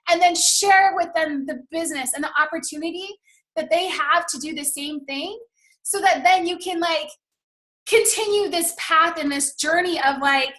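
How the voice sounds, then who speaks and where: Woman coach, upbeat pep talk over a video call, high bright voice, echoey room. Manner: enthusiastic, fillers of "like", addresses listeners as "you guys". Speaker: team coach on a training call. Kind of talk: motivational talk.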